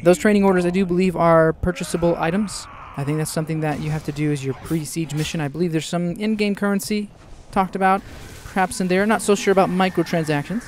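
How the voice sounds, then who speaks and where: A man with a high, bright-pitched voice hosts casual game news, excitable and fond of playful asides. He speaks in a loose, chatty commentary manner. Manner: excitable and jokey, with quick asides. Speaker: gaming news host.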